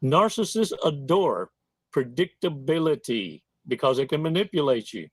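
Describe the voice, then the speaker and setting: A man's voice: on the high side, lively intonation, normal speed, breathy edge, dry recording. A man hosting a casual monologue in a folksy, slangy manner, stretching words out for emphasis. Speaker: host.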